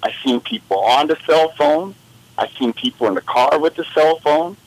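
A man's voice: on the high side, moderate pace, low-quality recording. A man co-hosting a radio show, rambling in casual chat and getting worked up as he tells stories. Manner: animated, rambling, exasperated storytelling. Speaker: radio co-host.

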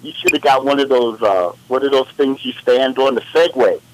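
A man's voice: medium pitch, moderate pace, no room sound, poor audio. Rambling, worked-up male radio co-host. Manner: animated, rambling, exasperated storytelling. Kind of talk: casual radio chat.

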